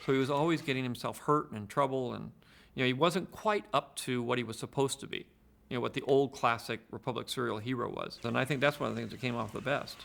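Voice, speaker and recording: Quick, gravelly man analyzing a hero. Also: medium pitch, fairly bright tone. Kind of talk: interview.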